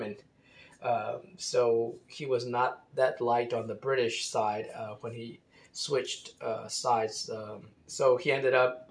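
Guy casually rambling through a story, lots of ums and restarts, mid-pitched voice. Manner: hesitant, many fillers and restarts.

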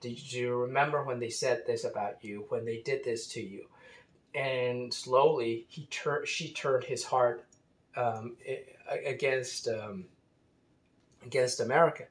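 A man telling a history story casually, pausing with many fillers and restarting his sentences. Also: mid-range voice, steady tone.

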